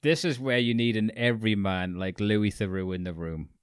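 A man chatting casually as a podcast co-host, telling a story with animated asides and casual swearing. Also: on the low side, moderate pace, smooth, no room sound, clean studio sound. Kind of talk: casual chat.

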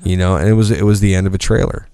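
A man's voice: deep voice, steady tone, racing, warm tone, clear, resonant tone, dry recording. A man who plays in a band, telling rambling, profanity-filled stories in a casual chat. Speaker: musician guest.

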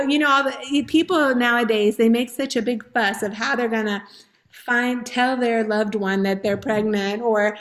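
A woman's voice: a little high, steady tone, unhurried. A woman in her forties telling her personal story as a guest on a faith-based talk show, earnest and emotional. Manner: earnest storytelling, laughing and tearful at times. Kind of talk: personal testimony in a faith interview.

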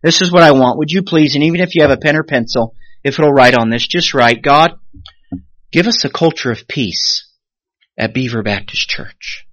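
A man preaching a sermon as pastor, animated, rising sharply then dropping to a hush, and briefly acting out the voices of the people he quotes. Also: mid-range voice, fairly quick, no echo, dull audio. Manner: animated preaching with sudden rises and hushed drops; acts out quoted voices of the congregation.

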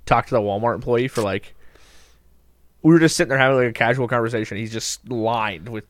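A man's voice: medium pitch, a little fast, no room sound. A man co-hosting a casual podcast chat, laid-back, laughing often and giving short reactions.

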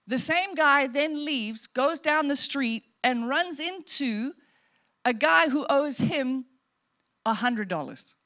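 A woman's voice: high voice, lively intonation, slow, a bit bright. A woman pastor preaching a sermon in a conversational, earnest way, full of asides and quoted voices.

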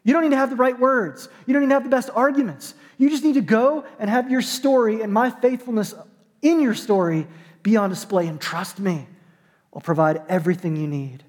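A man's voice: very high-pitched, brisk, big-room sound. A man preaching a sermon as pastor, conversational and emphatic, with dry self-deprecating jokes.

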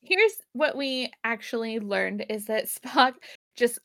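A woman with a high, bright voice talks loosely and laughs often as she walks through an episode's plot. She keeps acting out lines of dialogue. The sound is close and dry, with no room around it. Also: expressive, slow, dry recording. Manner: giggly, rambling, acts out characters' lines. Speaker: podcast co-host recapping an episode. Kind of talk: casual chat.

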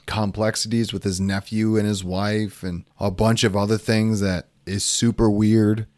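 A man's voice: fairly low pitch, a little slow, no echo, clean studio sound. A young man co-hosting a podcast, chatting casually and bluntly about a movie, often acting out what people say. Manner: blunt, animated, acts out quoted voices. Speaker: podcast co-host. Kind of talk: casual movie-review chat.

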